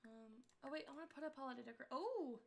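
A young woman gives live commentary while she plays a life-simulation game. Her voice sits high and she stays animated, talking straight to the little people on screen as she plays. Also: fast, vocal fry. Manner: animated, talks to the game characters. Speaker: streamer.

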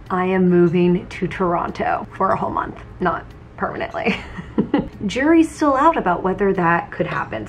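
A young woman chatting to her vlog camera from her home office, loose and conversational, her sentences full of "like" and "um". She sounds tired. Faint noise sits under her voice. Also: lowish voice. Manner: chatty, lots of "like" and "um". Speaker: vlogger. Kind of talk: casual vlog chat.

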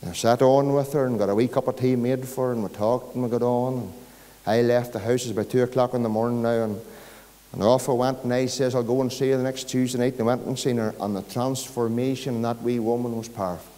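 A man's voice: mid-range voice, steady tone, quick pace, warm tone. A man with a Northern Irish accent preaching an evangelistic sermon, telling a story and rising to emphatic peaks. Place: large church hall. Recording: church hall reverb.

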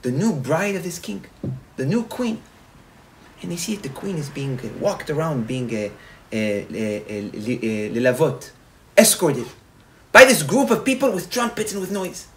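A man, a rabbi, retelling a parable in a sermon, animated and repetitive. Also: on the high side, normal speed, a little hiss or hum, rough recording. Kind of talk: sermon storytelling.

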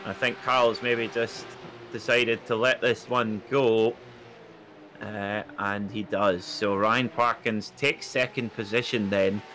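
An excitable man calls a sim race with a bright, forceful voice. He jumps sharply upward at close battles. A faint hiss sits under the recording. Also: takes it slowly. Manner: excitable, rises sharply in pitch at close moments. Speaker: co-commentator. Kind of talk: sim racing commentary.

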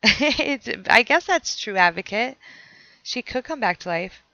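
A woman's voice: on the high side, animated, unhurried, sharp tone, no room sound, dull audio. A woman streamer playing a horror game, chatting with her viewers and reading the notes she finds aloud. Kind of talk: casual let's play commentary.

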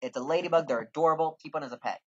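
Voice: medium pitch, racing, a bit bright, dull audio, slight background noise. A gamer giving sarcastic, jokey commentary with some swearing while playing a fantasy game. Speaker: let's play gamer.

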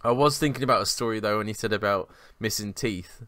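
A man's voice: lowish voice, quick pace, pushed and bright, slight background noise. A young man, co-hosting a podcast and telling rambling, sweary, self-mocking stories in casual chat. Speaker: podcast co-host.

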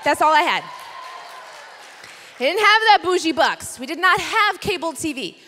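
A young woman with a high voice preaches to a conference crowd, spinning a personal story in a playful, chatty way with quick asides. Her voice rings out through a big hall with a long reverb tail. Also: expressive, bright, forceful tone. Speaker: conference speaker. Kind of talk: sermon.

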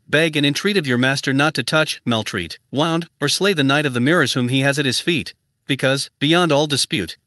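Bright, dry-voiced male audiobook narrator. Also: fairly high pitch, no echo. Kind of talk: scripted narration.

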